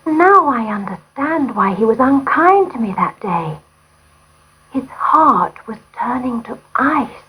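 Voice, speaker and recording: An earnest little girl from a storybook, played by a woman reader, her voice pitched high and pleading. She speaks slowly, with a lively, rising lilt. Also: slightly rough, full character voice, rough recording. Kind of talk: storybook reading.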